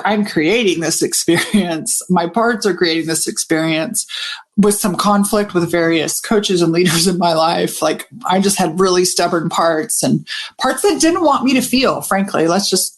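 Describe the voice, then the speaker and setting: A woman, a business coach telling a casual, animated story to her audience and swearing freely. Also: medium pitch. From Texas.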